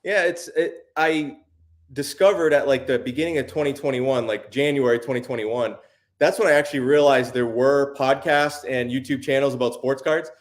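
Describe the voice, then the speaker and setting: A man talking casually as an interview guest, relaxed and rambling, with plenty of fillers and restarts. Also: medium pitch, moderate pace. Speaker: guest, sports card YouTuber.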